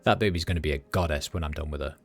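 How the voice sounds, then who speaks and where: A man's voice: extremely low pitch, rapid-fire, faint music behind. A man voicing a hungover, cheerful, middle-aged male street doctor with a loose Midwestern accent and words piling together, jokey and boastful. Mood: easygoing. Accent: Midwestern American. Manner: jokey, laid-back, boastful. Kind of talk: reading game dialogue aloud on a livestream.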